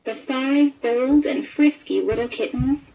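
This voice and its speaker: A woman reads a children's storybook aloud, slow and gentle, with a slightly high voice. The recording is muffled and lo-fi, like audio from an old toy. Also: creaky. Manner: gentle, expressive read-aloud. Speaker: storybook narrator. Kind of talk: scripted children's story narration.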